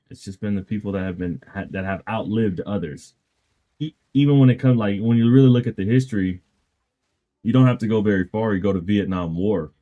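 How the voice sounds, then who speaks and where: A man's voice: fairly low pitch, dark tone. A man in casual chat on a stream, speaking in an earnest, reflective way. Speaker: guest in chat.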